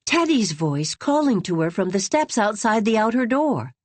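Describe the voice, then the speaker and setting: A woman reading a classic novel aloud with dramatic, expressive narration. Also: medium pitch, normal speed, no room sound. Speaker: audiobook narrator. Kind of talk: scripted narration.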